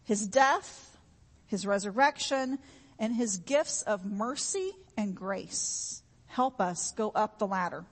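A woman's voice: mid-range voice, slow, breathy edge, in a large hall. A woman preaching a sermon in an earnest, repetitive way, with homey everyday examples.

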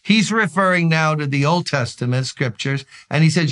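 A male pastor gives a daily devotional, chatty and full of little stories. He leans into points with emphasis and keeps it conversational. His voice sits a bit higher than most men's. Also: animated, normal speed, hardly any pauses, fairly bright tone. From Brooklyn, New York. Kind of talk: devotional sermon.

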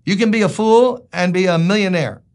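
A man's voice: sits high, moderate pace, darkish tone. A man preaching a sermon as a pastor, telling the story in a conversational, joking way.

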